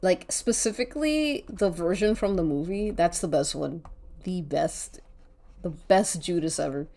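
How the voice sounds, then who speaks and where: A woman's voice: on the low side, animated, unhurried, gravelly, dark tone. A woman streaming while she draws, chatting casually, rambling and thinking aloud, with casual swearing. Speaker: art streamer.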